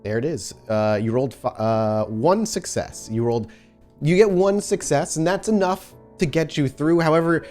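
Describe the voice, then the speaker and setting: A man's voice: on the high side, normal speed, a little mellow, faint music behind. A man working as game master, narrating scenes to the players in the second person.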